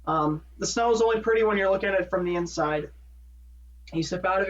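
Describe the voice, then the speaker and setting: A man's voice: high voice, fast talker. A man from Minnesota co-hosting a podcast in a casual, rambling chat, often correcting himself and laughing at his own jokes. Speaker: podcast co-host. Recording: distant dull mic.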